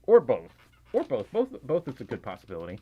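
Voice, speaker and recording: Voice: medium pitch, wildly swooping pitch, fairly quick, slightly rough, narrow, tinny audio. Breathless, giggly livestreamer. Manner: giggly, flustered, stumbling over words. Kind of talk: casual livestream chat reading donations.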